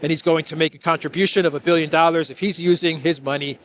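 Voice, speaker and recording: A man's voice: fairly high pitch, steady tone, fast, fairly bright tone, slight background noise, natural voice. A man doing a mocking impression of a boastful older male president, breezy and chuckling.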